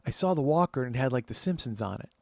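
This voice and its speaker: A man's voice: medium pitch, expressive, fast talker, a little mellow, no echo, close to an everyday voice. A man voicing his stubborn older mother in a hospital, speaking bluntly and defiantly with profanity.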